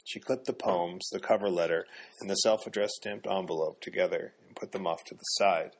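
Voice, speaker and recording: A man narrating a novel in measured, even storytelling. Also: deep voice, breathy edge. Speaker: audiobook narrator. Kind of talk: scripted narration.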